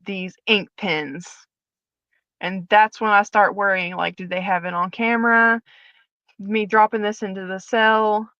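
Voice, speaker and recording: A woman at a middle pitch tells her story candidly, acting out each exchange as she goes. The sound is dry and close, slightly dull and muffled. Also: normal speed, no echo. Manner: animated retelling, acting out dialogue. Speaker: guest, former prison officer.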